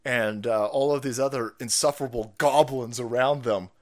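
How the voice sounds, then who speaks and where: A man's voice: mid-range voice, fairly even intonation, normal speed. A hungover man hosting a stream, ranting in profane, combative and sarcastic political commentary. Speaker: streamer host.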